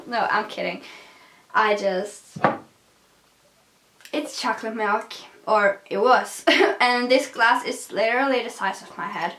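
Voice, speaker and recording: A woman's voice: fairly high pitch, slow pace, long pauses, fairly bright tone. A young woman with a non-native accent, chatting in a casual vlog, hyper, giggly and rambling. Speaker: vlogger. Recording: echoey room.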